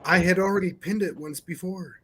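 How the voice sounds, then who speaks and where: A man's voice: sits high, steady tone, a little fast, sharp tone, breathy edge. A man hosting a casual livestream chat, teasing and joking and laughing often. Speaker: livestream host.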